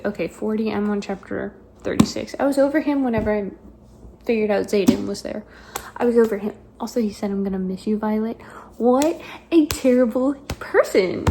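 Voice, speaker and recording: A woman's voice: medium pitch, darkish tone, slight background noise, low-quality recording. A young woman chatting in a casual reading vlog, gushing and rambling with lots of fillers. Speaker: book vlogger.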